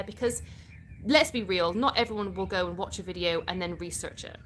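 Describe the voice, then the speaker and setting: A woman's voice: fairly low pitch, brisk, a bit bright, a little hiss or hum. A British woman from the UK hosting a casual live stream, answering viewer comments in a chatty way and laughing often.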